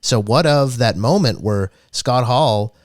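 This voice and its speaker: A man's voice: medium pitch, expressive, slow pace, no room sound, studio quality. A man co-hosting a podcast, explaining the history at length with frequent restarts. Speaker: podcast co-host. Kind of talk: podcast commentary.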